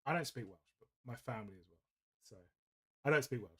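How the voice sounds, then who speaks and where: A man's voice: mid-range voice, animated, quick pace, sharp tone, slightly rough. A man, casually chatting and telling rambling stories while hosting a painting stream, laughing often. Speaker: host of a painting livestream. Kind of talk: casual chat. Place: indoors at painting desk.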